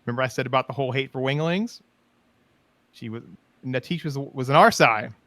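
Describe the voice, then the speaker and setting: Male host who tells role-play stories, animated and laughing, mid voice, dry close sound. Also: mid-range voice, fairly quick, dry recording. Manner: animated, laughing, acts out quotes. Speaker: podcast host. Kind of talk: casual storytelling chat.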